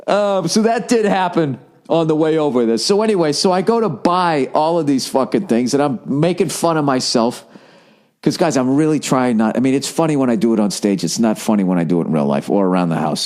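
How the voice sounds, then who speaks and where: A man's voice: medium pitch, lively intonation, a little fast, a little mellow. A man telling a story in a casual podcast monologue, profane, rambling and self-mocking. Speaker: comedian and podcast host.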